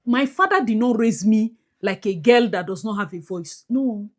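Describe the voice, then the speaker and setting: A woman's voice: medium pitch, expressive, moderate pace. A woman with a Nigerian accent talking to her viewers in a casual commentary vlog, emphatic, with pidgin-flavored asides. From Nigeria, Port Harcourt. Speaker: YouTube commentator.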